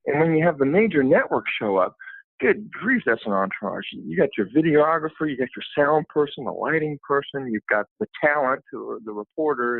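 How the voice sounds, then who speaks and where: A man from Ohio, a guest telling a personal story, animated and emotional, with many restarts. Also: a little high, creaky, dry recording. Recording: dry, phone-like line.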